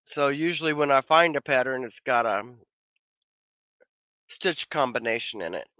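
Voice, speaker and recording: A man hosting a casual livestream chat from a home office, a bit hoarse from losing his voice, talking in an easygoing, rambling way with many trailing restarts. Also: mid-range voice, animated, normal speed, bright, forceful tone, no room sound. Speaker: livestream host. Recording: slightly dull lo-fi sound.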